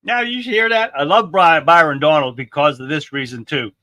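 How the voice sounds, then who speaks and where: A man's voice: fairly high pitch, normal speed, pushed and bright, no echo. A middle-aged man hosting a live stream, giving blunt, profane political commentary and reading viewer comments aloud.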